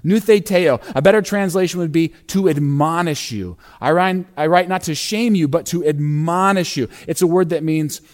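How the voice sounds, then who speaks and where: A male pastor preaching a sermon, reading scripture aloud and stressing key words with dramatic pauses and bursts of intensity. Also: fairly high pitch.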